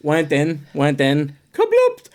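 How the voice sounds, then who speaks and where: A young man, hosting a comedy podcast and telling a story in a profane, animated way. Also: medium pitch, brisk. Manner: profane, animated, puts on voices in quoted dialogue.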